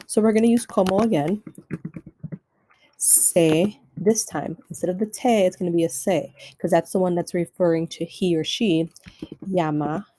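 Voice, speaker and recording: A woman records a classroom lesson for her students, walking them through each step and repeating instructions so nobody falls behind. Her voice sits a little low and sounds mellow and relaxed rather than bright. She speaks in an instructional way throughout. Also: normal speed, slight background noise, poor audio. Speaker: Spanish teacher. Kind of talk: recorded screen-share lesson.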